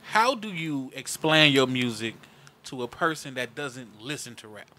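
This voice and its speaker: A man with a sharp, bright voice hosts a radio interview. He speaks in a measured way, setting up his next question carefully before he asks it. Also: mid-range voice, big pitch swings. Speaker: radio show host.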